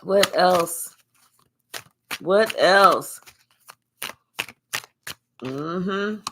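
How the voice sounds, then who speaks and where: A woman talking casually to camera as a tarot reader, swearing freely and leaning hard on drawn-out phrases. Her voice sits at an ordinary middle pitch, and her delivery swings between loud bursts and murmured asides. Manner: profane, animated, drawn-out emphatic phrases. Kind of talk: casual spiritual reading to camera.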